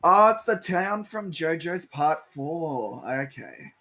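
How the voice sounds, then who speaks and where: A man with a fairly high voice, a guest on a watch-along. He rambles and jokes through casual commentary as the film plays. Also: expressive, slow pace, pushed and bright. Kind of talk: casual chat.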